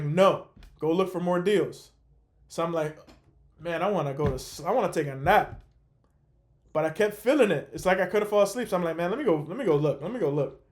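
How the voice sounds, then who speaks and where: A young man hosting a call, telling a story in a casual, animated way with lots of fillers. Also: high-pitched. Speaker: host.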